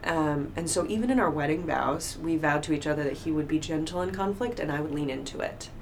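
A woman talking openly in a casual conversation, telling personal stories with lively acted-out quotes. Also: sits low, fairly quick. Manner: open, animated storytelling with acted-out quotes. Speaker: guest. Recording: faint background noise.

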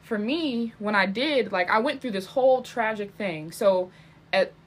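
A woman's voice: medium pitch, animated, measured pace. A young adult woman in casual podcast chat, talking candidly and rambling with frequent fillers and laughs.

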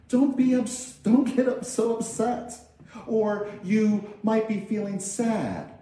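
A male minister delivers a sermon in a chatty, conversational way, often repeating phrases. His voice sits high and moves a lot, with a mellow, soft tone. The sound carries strong echo from a large hall. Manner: conversational, repeats phrases and acts out everyday quotes. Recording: very echoey hall.

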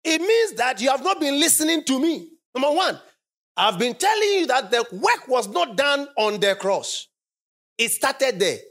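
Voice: high-pitched, very animated, normal speed, fairly bright tone. A preacher giving a sermon in a church service, stressing points by repeating phrases and drawing call-and-response from the congregation.

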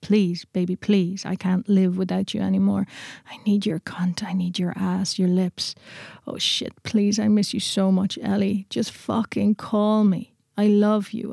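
A woman's voice: mid-range voice, creaky, no echo, studio quality. A woman voicing a drunk grown man who whispers, slurs and sobs as he begs into a phone. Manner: slurred, tearful, hushed pleading. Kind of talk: voicemail read in a story.

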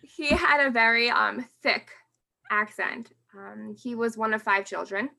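This woman's voice sits a little high and is gravelly and sharp, with a steady, unhurried delivery. Appearing on a podcast, she recounts frank, emotional memories of her late father and frequently laughs through difficult moments.

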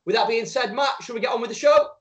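A man's voice: extremely high pitch, fast talker, dull audio. A man hosting a running podcast, reading the show notices in an upbeat, chatty way. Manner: upbeat, chatty, laughs easily. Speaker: podcast host. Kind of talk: casual podcast chat.

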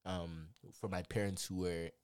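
A man co-hosting a relaxed conversation, his voice sitting fairly low. He banters with sudden leaps into high, excited exclamations. The sound is dry and close, with hardly any room in it. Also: moderate pace, clear, resonant tone, no echo. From Canada. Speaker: co-host. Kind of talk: casual chat.

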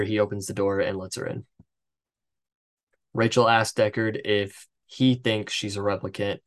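A man hosting a podcast, recapping a film plot from his notes in a casual, chatty way, with swearing and joking asides. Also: lowish voice. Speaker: podcast host. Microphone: headset.

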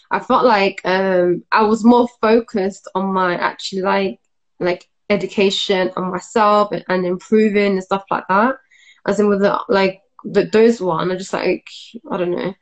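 A young adult woman, telling a personal story in a halting way, full of fillers and restarts. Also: medium pitch, low-quality recording.

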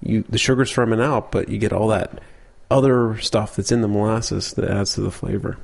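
A man co-hosting a casual beer tasting podcast, relaxed and explaining beer facts as he thinks aloud. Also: fairly low pitch, moderate pace, vocal fry. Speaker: podcast co-host.

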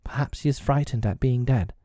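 A man's voice: slow pace, no echo, clean studio sound. A man voicing a proud, commanding young boy leader in a storybook reading. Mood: troubled. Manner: lively, commanding, high-pitched.

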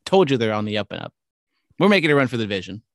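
A man's voice: fairly low pitch, very animated, racing, vocal fry, dry recording, studio quality. A man co-hosting a casual sports podcast, talking baseball standings with wry, upbeat banter. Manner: upbeat, wry, jumps between stats and jokes. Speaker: podcast co-host.

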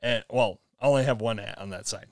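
A man's voice: fairly low pitch, a little fast, no echo, studio quality. A young man casually telling a long story, laughing often and acting out the people in it. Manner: animated storytelling with laughs and acted-out quotes. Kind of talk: casual chat.

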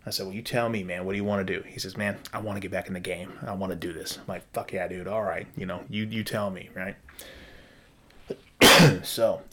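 A man's voice: low voice, brisk, a little hiss or hum. A man casually telling a long story about his rental properties, swearing freely and acting out both sides of conversations. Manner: profane, animated, acts out dialogue.

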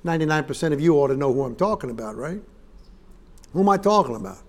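A traveling preacher speaks to a live congregation in a voice pitched a little high for a man. He talks in a folksy, joking way, asks for amens and calls his listeners neighbor. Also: animated, fast. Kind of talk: humorous sermon opening to a congregation. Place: church service in front of a live congregation.

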